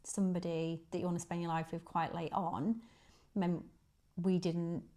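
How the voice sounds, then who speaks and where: A woman in her forties, a guest chatting casually, laughing often, her voice jumping up when she gets excited. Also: fairly low pitch, normal speed. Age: 40s. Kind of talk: casual chat.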